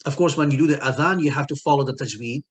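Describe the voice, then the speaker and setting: Male language teacher, mid pitch, recorded lecture, patient and repetitive, asks questions. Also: fast, slightly rough. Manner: explains patiently, repeats key words, asks the listener questions. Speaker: Arabic linguistics teacher.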